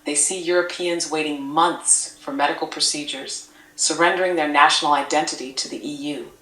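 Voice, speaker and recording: Low, bright synthetic woman's voice. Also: steady tone, echoey room, rough recording. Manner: doting, calls the listener sweetheart, measured list-like cadence. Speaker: AI chat assistant. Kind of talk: affectionate scripted-sounding replies.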